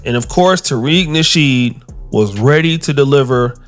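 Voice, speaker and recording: A man's voice: medium pitch, lively intonation, normal speed. A man narrating a recap in a wry, storytelling way. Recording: faint music underneath.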